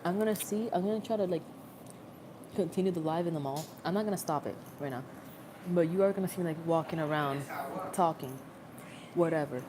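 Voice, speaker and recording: A woman's voice: fairly low pitch, fairly quick, long pauses, noisy background. A young adult woman rambling in a casual, self-mocking livestream chat, recorded on a phone.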